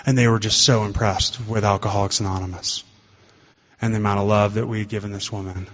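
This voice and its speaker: Brief: lowish-voiced male guest speaker, earnest storyteller, muffled meeting-hall recording. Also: steady tone, brisk. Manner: earnest, conversational storytelling with fillers. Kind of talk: personal recovery talk. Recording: dull lo-fi recording in a reverberant hall.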